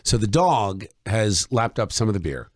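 A man's voice: lowish voice, very animated, moderate pace, dry recording. A man hosting a podcast in casual chat, telling a rambling, playful story and circling back to his point. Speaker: podcast host.

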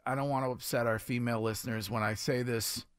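A man hosts a radio show from a studio, bantering playfully and laughing often. His voice sits at a middling pitch on a close studio mic, and the sound is dry. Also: steady tone, quick pace, clear, resonant tone, no room sound. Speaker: radio host. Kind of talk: casual morning radio chat.

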